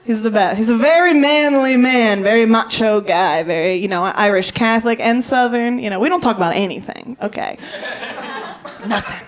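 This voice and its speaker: A woman's voice: on the high side, lively intonation, normal speed. A woman in her thirties from Virginia, doing a playful stand-up set on a comedy stage and chuckling at her own punchlines. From Virginia, USA. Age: 30s.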